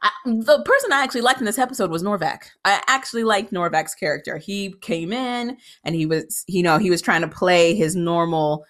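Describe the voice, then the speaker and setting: A woman giving casual, opinionated commentary as a TV recap host, frank and animated, often jumping up in pitch when exasperated. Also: fairly quick, hardly any pauses. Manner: frank and critical, with filler "like" and restarts.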